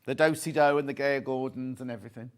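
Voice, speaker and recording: A man's voice: mid-range voice, steady tone, quick pace. A middle-aged British man presenting on a live shopping channel, chatty and gushing, bantering with the crew in a TV studio.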